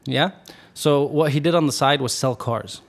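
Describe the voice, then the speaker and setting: A man's voice: fairly high pitch, normal speed, vocal fry. A man casually telling a long story on a podcast, rambling with restarts and laughing at his own story.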